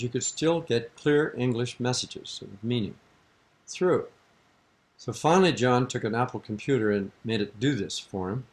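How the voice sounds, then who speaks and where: An older man being interviewed, telling a long, rambling anecdote in an amused tone, on an archival tape recording. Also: mid-range voice. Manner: rambling, amused, breaks into laughter. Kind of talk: anecdotal storytelling.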